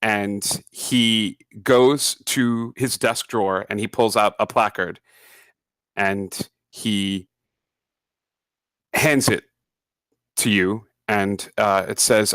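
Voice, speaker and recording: A man narrating a tabletop role-playing game as game master, slow and halting with fillers. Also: lowish voice, steady tone, fairly bright tone, clean tone, no room sound.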